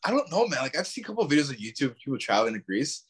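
A man's voice: medium pitch, very animated, very fast, slightly rough. A young man from Ontario, a podcast guest musing in easygoing casual chat. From Ontario, Canada.

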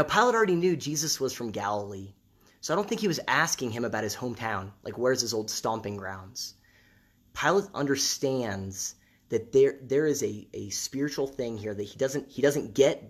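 A man's voice: mid-range voice, husky. A man preaching a sermon in a conversational way, repeating phrases for emphasis.

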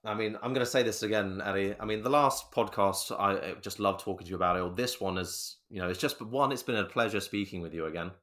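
A man's voice: fairly low pitch, fast, hardly any pauses, a bit bright. A man hosting a casual podcast interview, speaking in a hesitant way with many restarts. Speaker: podcast host.

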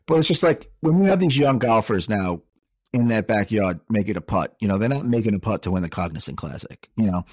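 Man, low voice, dry close sound, casual podcast chat, lots of "like" and "you know". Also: expressive, fairly quick, darkish tone, no room sound. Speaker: podcast co-host.

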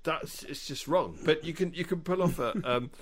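A man's voice: on the high side, normal speed, slight background noise. A man co-hosting a podcast in casual chat, playful and teasing, often laughing. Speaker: podcast co-host.

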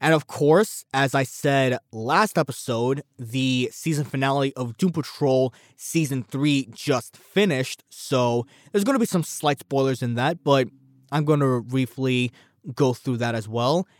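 A man hosting a solo commentary podcast, rambling and animated, swearing freely as he talks. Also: mid-range voice, unhurried, dry recording, clean studio sound. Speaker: podcast host.

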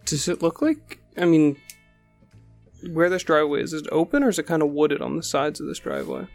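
A man's voice: on the high side, animated, fairly quick, darkish tone, faint music behind. Man player asking hesitant questions. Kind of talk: tabletop game chat.

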